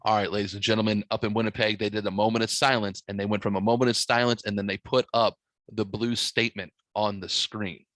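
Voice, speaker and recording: Give me a profane, animated man hosting a podcast. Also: lowish voice, a little fast, no room sound. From St. Louis, USA. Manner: profane, animated storytelling, rising loud when laughing. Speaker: podcast host. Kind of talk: casual storytelling chat.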